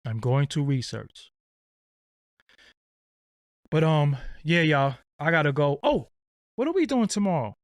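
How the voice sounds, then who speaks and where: A man's voice: fairly high pitch, animated, unhurried, pauses often, no echo. Blunt, rambling male streamer. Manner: blunt, profane, streetwise, rambling. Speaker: channel host. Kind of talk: casual livestream rant.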